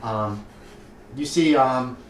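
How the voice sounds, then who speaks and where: A man's voice: medium pitch, slow pace, slight background noise. A man narrating as game master, hesitant and full of ums, recorded from across a room. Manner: hesitant, many ums and restarts. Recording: echoey room from far off.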